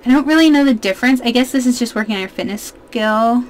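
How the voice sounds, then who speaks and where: A woman in her twenties giving casual, excitable let's-play commentary as a gaming YouTuber, chatting to her viewers. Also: fairly high pitch, quick pace, slight background noise.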